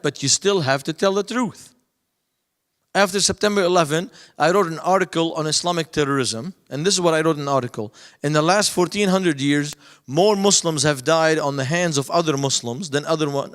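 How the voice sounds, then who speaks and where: A man's voice: fairly high pitch, a little fast, a bit bright. Man speaking in a reverberant hall. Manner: storytelling, acting out both sides of dialogues. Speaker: conference speaker. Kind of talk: lecture with anecdotes.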